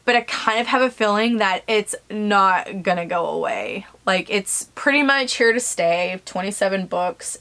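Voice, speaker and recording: A woman's voice: medium pitch, a bit bright. A woman author talking frankly to camera alone in her home office, rambling a little and using many fillers. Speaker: self-published author. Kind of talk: candid vlog talk to camera.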